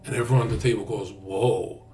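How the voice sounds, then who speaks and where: A man's voice: mid-range voice, normal speed, faint music behind. A man talking casually on a livestream, brash, boastful and profane. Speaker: streamer.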